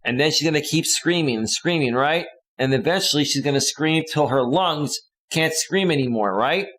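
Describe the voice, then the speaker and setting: A man's voice: on the high side, moderate pace, fairly bright tone. A male relationship coach giving casual advice in an earnest, lecturing way.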